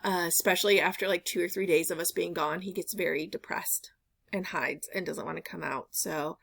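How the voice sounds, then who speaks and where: A woman's voice: on the low side, fairly even intonation, brisk, vocal fry, a bit bright. A woman vlogger at home, telling a rambling story in casual chat, full of "like" and "um" fillers. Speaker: reseller vlogger.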